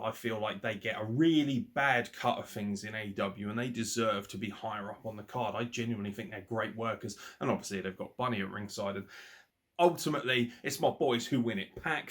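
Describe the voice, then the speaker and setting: A man running his own wrestling podcast, ranting and praising by turns. He talks in a loose, animated way, swears freely and slips into mocking impressions. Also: medium pitch. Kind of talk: casual opinionated review.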